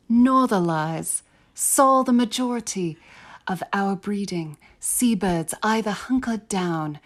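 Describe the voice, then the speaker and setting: A woman attempting a genteel British lady reading her diary, slow and half-whispered. The accent is attempted British and keeps drifting Australian. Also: medium pitch, close to an everyday voice.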